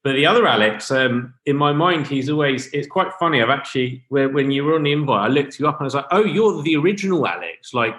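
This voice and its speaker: A man's voice: mid-range voice, fast talker, few pauses, pushed and bright. A man with a London accent, a returning podcast guest, talking in a hesitant, friendly, teasing way. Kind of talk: casual podcast chat. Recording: echoey room.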